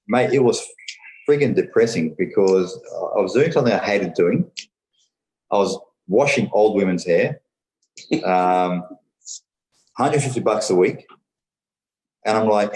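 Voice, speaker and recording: A man's voice: on the low side, a little mellow, roomy sound, rough recording. An Australian man talking casually as a podcast guest, rambling with lots of fillers and "mate". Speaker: podcast guest, business owner. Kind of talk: casual interview chat.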